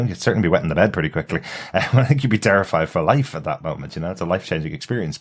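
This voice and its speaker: Low-pitched man co-hosting a TV podcast, casual and chatty. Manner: chatty, laughs often, restarts thoughts. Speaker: podcast co-host. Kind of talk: casual chat.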